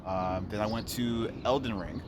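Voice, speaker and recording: A man's voice: fairly low pitch, normal speed, noisy background. A young man co-hosting a podcast, chatting loosely and laughing often. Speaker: podcast co-host. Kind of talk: casual chat.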